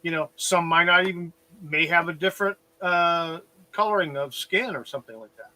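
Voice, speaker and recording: High bright-voiced guy rambling on a stream, loves analogies. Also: moderate pace, rough recording. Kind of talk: casual livestream chat.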